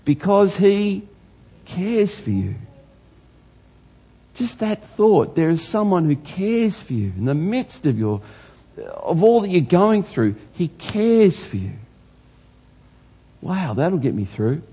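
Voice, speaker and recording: Animated husky male preacher. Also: sits high, slow pace, pauses often. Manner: animated, rising to loud exclamations. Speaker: pastor. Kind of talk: sermon.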